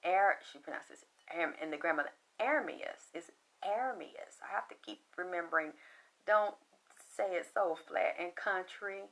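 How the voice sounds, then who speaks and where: A woman from the American South with a flat Southern accent, hosting a casual spiritual reading in a chatty, profane, rambling way. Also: lowish voice, moderate pace. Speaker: spiritual medium host.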